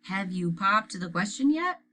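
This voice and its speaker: A woman reading aloud, voicing a gentle, teasing elderly grandfather in a children's storybook. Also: mid-range voice, very animated, measured pace, slight background noise. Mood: kindly. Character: kindly elderly grandfather man.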